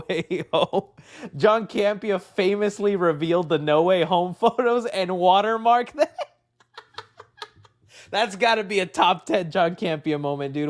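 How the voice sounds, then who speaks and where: A high-pitched young man hosting a casual movie news livestream. He rambles excitedly from thought to thought, tossing in "dude" constantly and laughing at his own asides. His tone stays loose and chatty throughout. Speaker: host of a live movie news show.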